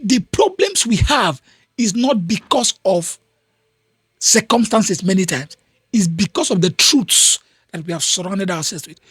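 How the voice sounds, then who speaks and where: Nigerian-accented man, podcast host, husky, mid-pitched, dry close sound, preachy and insistent. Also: no room sound. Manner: emphatic, repeats phrases. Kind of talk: motivational talk.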